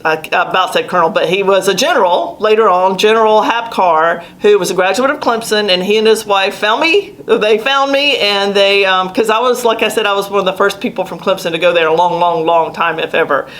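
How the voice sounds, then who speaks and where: A woman's voice: medium pitch, fairly quick, hardly any pauses, a bit bright, low-quality recording. A woman from the American South with a Southern accent, an older Air Force veteran telling stories in an oral history interview with a laughing, storytelling manner. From South Carolina, US. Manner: storytelling, laughs while recalling.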